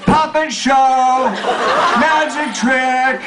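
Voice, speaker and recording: Male reader voicing a shrieking wild young woman; high, slow, distant, crowd noise. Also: fairly even intonation, echoey room.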